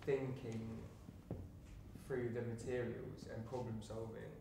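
A man in casual gallery talk, speaking in hesitant, halting bursts. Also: fairly low pitch, steady tone, vocal fry, very noisy. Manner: hesitant, halting, cuts in briefly. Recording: very echoey room, mic far off, crowd chatter behind.

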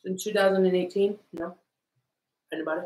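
A woman's voice: lowish voice, fairly even intonation, brisk, darkish tone, echoey room, poor audio. A woman co-hosting a live stream, chatting casually and reading out movie lines, laughing at herself. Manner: chatty, self-deprecating, laughs often.

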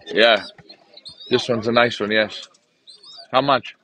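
A man's voice: mid-range voice, fairly even intonation, slow pace, pushed and bright, slight background noise. Chatty gum-chewing man vlogging a market. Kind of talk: casual walk-around vlog. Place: outdoor pigeon market. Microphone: handheld phone camera.

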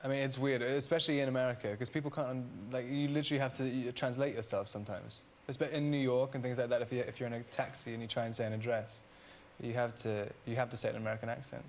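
A man talking as a chat show guest, telling quick animated anecdotes. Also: mid-range voice, slight background noise. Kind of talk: casual chat.

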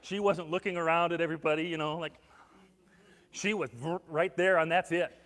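A man preaching a sermon as pastor, telling stories with acted-out quotes and swinging between hushed and loud. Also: fairly high pitch, fairly even intonation, fairly quick, long reverb tail. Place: church sanctuary.

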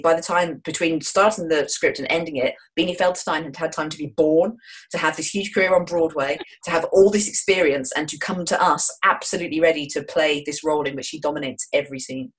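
A middle-aged woman from the English Midlands with a low, deep voice, talking fast and enthusiastically in an interview. She keeps it jokey and animated, often jumping into playful voices mid-story. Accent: Wolverhampton, English Midlands. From England. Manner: enthusiastic, jokey, quick to put on voices in anecdotes. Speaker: author and screenwriter guest.

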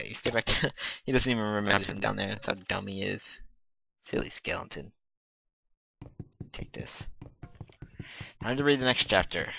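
A man giving excitable live commentary over his own gameplay, chatting to himself and yelping when startled. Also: lowish voice, creaky, dry recording. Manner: chatty running self-talk. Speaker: video game let's-player.

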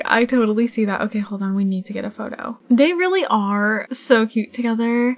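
A young woman casually commenting on her life-sim game, chatty and gushing, full of "like" and "oh my god". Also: a little high. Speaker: gaming channel host. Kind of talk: casual let's play commentary.

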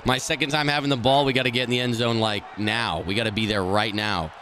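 A man streaming a football video game, talking through each play and often swearing and yelling at the game in frustration. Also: mid-range voice, fairly even intonation, fast, slight background noise. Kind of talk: live gameplay commentary.

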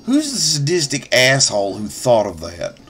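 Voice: medium pitch, wildly swooping pitch, moderate pace, fairly bright tone, faint music behind. A let's player giving gameplay commentary, swearing and grumbling at the game as they go. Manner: profane, grumbling running commentary. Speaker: let's play gamer.

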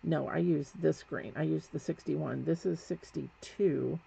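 Speaking at a measured pace in a deep, creaky, mellow, husky voice, a woman leads a live painting demonstration. She is chatty as she works and keeps correcting herself. Faint background noise sits under the dull, lo-fi audio.

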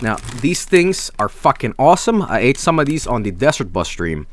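A man's voice: medium pitch, sing-song, normal speed. A man from Sweden, hosting a casual snack review stream, enthusiastic and rambling, swearing freely. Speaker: streamer host.

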